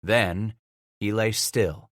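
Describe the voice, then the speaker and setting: A man narrating a frontier audiobook in a measured, vivid way. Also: fairly low pitch, steady tone, no room sound, clean studio sound.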